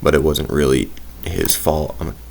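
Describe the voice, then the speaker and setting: A young gaming YouTuber casually commentates his own football video game play, rambling, hesitant, self-deprecating, and full of fillers. He has an expressive bass voice with vocal fry, speaks at normal speed, and there is slight background noise.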